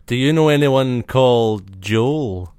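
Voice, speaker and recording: A man co-hosting a comedy podcast, chatting playfully and quick to laugh. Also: mid-range voice, animated, darkish tone, clear, resonant tone, dry recording, clean studio sound. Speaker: podcast co-host, game master. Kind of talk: casual comedic banter.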